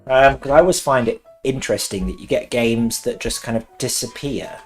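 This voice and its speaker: Male streamer, West Country origin; chatty, excitable gamer voice at an ordinary pitch over soft background music. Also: moderate pace. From West Country, England. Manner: excitable, laughs often, swears. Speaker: game streamer. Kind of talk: casual live-stream chat while gaming. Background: faint cheerful game music.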